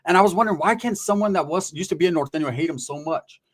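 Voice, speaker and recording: Streetwise man telling stories, higher voice. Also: fast talker. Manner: profane, streetwise, animated, acts out quoted voices. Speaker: guest recounting prison stories. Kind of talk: casual storytelling.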